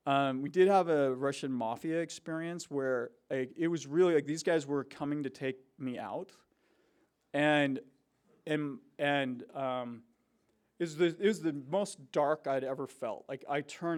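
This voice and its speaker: A man telling stories to university students in a casual, animated way, with many fillers and restarts. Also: a little high. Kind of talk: casual storytelling talk. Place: university hall before a student audience.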